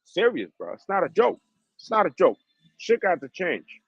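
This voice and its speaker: A man's voice: high-pitched, huge pitch swings, normal speed, slightly rough, no room sound, muffled recording. A man hosting a livestream, ranting in heated, profane street slang. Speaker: livestream host.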